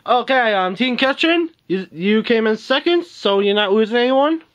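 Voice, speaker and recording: A bouncy stuffed-toy game show host, put on by a home performer, calls out the results in a sing-song voice whose pitch leaps up and down. It sounds like a homemade puppet drama. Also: expressive, normal speed, close to an everyday voice. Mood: announcing.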